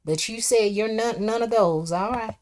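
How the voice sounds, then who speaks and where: On a casual livestream, a woman reads the chat aloud and reacts in a chatty way. She speaks on the high side at a moderate pace, veering from soft asides to loud exclamations.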